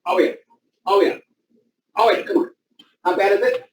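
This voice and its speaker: A man's voice: very high voice, very animated, moderate pace, distant mic, slight background noise, poor audio. A man leading a naturopathy training class, coaching volunteers through a live demonstration and repeating short commands. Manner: loose, informal phrasing. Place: training room before a live audience.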